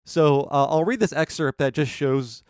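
A man hosting a podcast, telling a story in a lively way and acting out the quotes. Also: on the high side, moderate pace, smooth, no echo, studio quality. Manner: animated storyteller, acts out quotes. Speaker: podcast host. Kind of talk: casual podcast chat.

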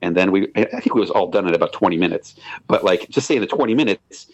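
A man recounts production stories at a rapid clip, stumbling over restarts and chuckling along the way. His voice sits on the lower side, and the recording sounds dull and lo-fi. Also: animated. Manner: rambling, frequent restarts and laughs. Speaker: guest, animated show co-creator. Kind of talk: anecdotal interview storytelling.

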